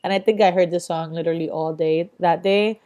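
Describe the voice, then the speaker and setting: Mellow low-voiced woman talking candidly. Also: steady tone, brisk, lo-fi sound. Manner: candid, casual, swears freely, says y'all. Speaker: vlogger. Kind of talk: reflective vlog voice-over.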